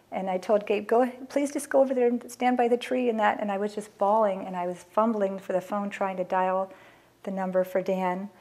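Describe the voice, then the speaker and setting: A woman's voice: medium pitch, darkish tone. A middle-aged woman, a mother, telling her family's story in an earnest, emotional way and acting out past conversations. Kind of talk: personal storytelling.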